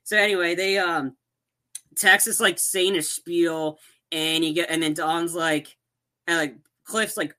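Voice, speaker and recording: A man's voice: on the high side, little pitch movement, unhurried, sharp tone. A man casually recapping a film's plot, rambling with many restarts and fillers and acting out characters' lines.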